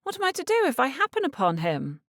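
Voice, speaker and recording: A woman's voice: high-pitched, huge pitch swings, fast, no echo, clean studio sound, voice pushed up, full character voice. A woman narrator voicing an earnest young lady in an audiobook, protesting in a pleading tone.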